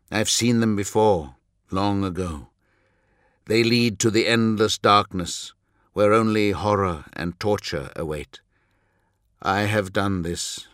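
A grave, compassionate male warrior-lord, as a male narrator voices him, solemn in every word. The voice is low and unhurried. The recording is dry and close to the mic. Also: a bit bright, no room sound.

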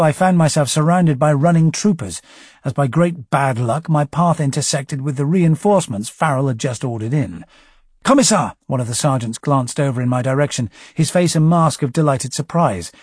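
A man's voice: mid-range voice, darkish tone, husky, no room sound. A man narrating a first-person audiobook story with wry, dry understatement.

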